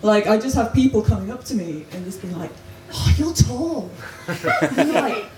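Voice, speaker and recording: A woman's voice: mid-range voice, a little fast, a little hiss or hum. A young woman doing a stand-up comedy set at a pub comedy night, self-deprecating and laughing at her own jokes. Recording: loud roomy pub recording from far off.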